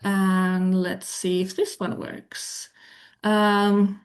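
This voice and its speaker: A woman giving a conference talk with a live software demo, explaining her points while thinking aloud and correcting herself as she goes. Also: medium pitch, level tone, very slow. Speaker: presenter on medical English teaching.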